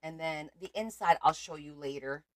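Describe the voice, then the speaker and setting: A woman's voice: sits low, moderate pace. A woman hosting a casual crafting livestream, chatting to viewers as she shows her work.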